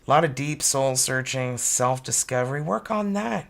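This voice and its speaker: A woman's voice: extremely low pitch, expressive, normal speed, creaky. A woman in her fifties giving chatty, upbeat tarot readings on a live stream. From Canada. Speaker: tarot reader.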